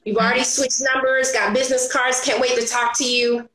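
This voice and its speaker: Animated woman entrepreneur, high and bright, casual guest chat in a roomy space. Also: a little fast. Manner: animated, acts out her own and others' quotes with laughs. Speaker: entrepreneur guest on a business talk show. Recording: roomy echo.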